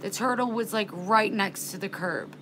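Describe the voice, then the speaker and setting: A woman's voice: medium pitch, moderate pace, a bit bright, a little hiss or hum, poor audio. A woman chatting in a casual vlog, rambling and frank, getting worked up and indignant, with casual swearing. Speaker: vlogger.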